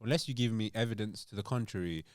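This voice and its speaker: A man's voice: lowish voice, fast talker, clean tone, dry recording, clean studio sound. A young man joking on a casual comedy podcast, teasing in mock-indignant banter. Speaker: podcast guest.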